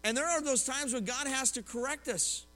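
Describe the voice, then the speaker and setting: A man, preaching a lively sermon as a pastor, telling personal stories and asking the congregation questions. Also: very high voice, moderate pace. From Oklahoma, US. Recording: long hall reverb.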